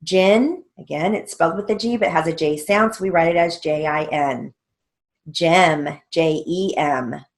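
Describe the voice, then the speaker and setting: A woman teaching a steno theory lesson, patiently spelling out words letter by letter and checking in with "okay?". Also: on the low side. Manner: slow, patient, letter-by-letter dictation with frequent "okay?" check-ins.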